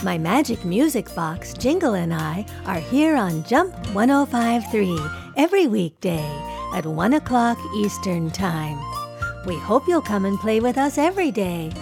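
A woman hosting a children's radio show, drawing kids into guessing games in a playful, sing-song voice. Her pitch leaps and swoops, she speaks slowly, and a gravelly edge runs through her higher voice. The studio sound is dry, with faint music underneath. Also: big pitch swings. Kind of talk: cheerful talk to young children.

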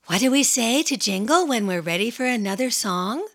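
Animated woman hosting a kids' radio show. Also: on the high side, normal speed. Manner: cheerful, talks straight to young listeners with questions. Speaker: children's radio show host.

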